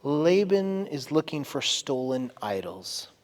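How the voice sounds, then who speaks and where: A man's voice: a little high, very animated, slow pace, in a large hall. A male pastor preaching a sermon in a conversational way, reading scripture aloud with dramatic emphasis. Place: church sanctuary.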